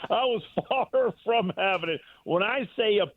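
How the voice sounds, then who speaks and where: A high-pitched man speaking at a measured pace calls into a casual radio interview as a sports broadcaster guest. Over a dry, tinny phone line, he rambles through an emotional story, restarting many times.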